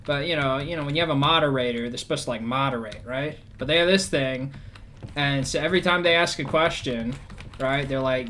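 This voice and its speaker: A man's voice: medium pitch, fairly even intonation, brisk, bright, forceful tone, slight background noise. A man ranting in a casual, rambling way, swearing often and full of sarcasm. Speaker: vlogger. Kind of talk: casual rant.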